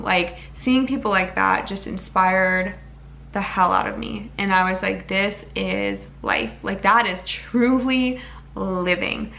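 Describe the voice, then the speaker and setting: Gravelly, bright-voiced woman vlogger. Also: mid-range voice. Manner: earnest, rambling, emotional. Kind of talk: casual talking-to-camera vlog.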